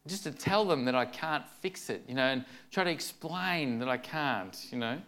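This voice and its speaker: A man's voice: medium pitch, animated, normal speed, fairly bright tone. Middle-aged male pastor, earnest and chatty sermon delivery, clean resonant tone. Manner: earnest, conversational preaching with humor.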